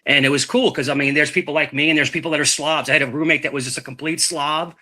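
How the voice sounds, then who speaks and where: A man telling a long rambling story in casual chat, animated and swearing, repeating his words. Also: fairly high pitch, fast talker.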